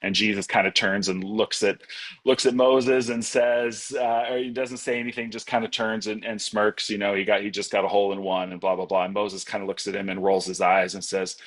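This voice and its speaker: A man giving a Buddhist dharma talk in a relaxed, rambling way, with many fillers and restarts, over a video call. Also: fairly low pitch, normal speed. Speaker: Buddhist teacher.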